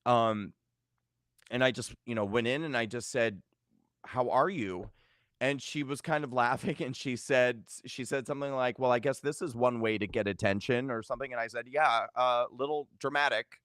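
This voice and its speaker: A man's voice: mid-range voice, normal speed, a bit bright, dry recording, studio quality. A middle-aged man recounting a family event in a vlog, hesitant, with many fillers and restarts. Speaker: vlogger. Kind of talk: personal storytelling to camera.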